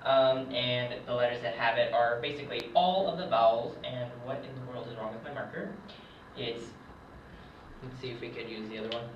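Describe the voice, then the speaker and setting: At a board in a room, a young man hesitantly teaches French for fun, scattering ums through his casual lesson. He talks at a moderate pace with a medium pitch over a noisy background. The camera audio is lo-fi, dull, distant and echoey.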